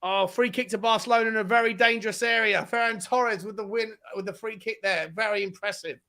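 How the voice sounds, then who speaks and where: Excitable man calling a live match. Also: high voice, fairly quick. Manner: excitable, shouting at the players. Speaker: host of a football fan show. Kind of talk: live match watch-along commentary.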